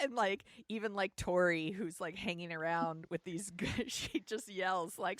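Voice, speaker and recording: Lively woman co-host, lowish voice. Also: moderate pace, hardly any pauses, dry recording. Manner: enthusiastic, animated retelling. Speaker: podcast co-host. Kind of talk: casual movie chat.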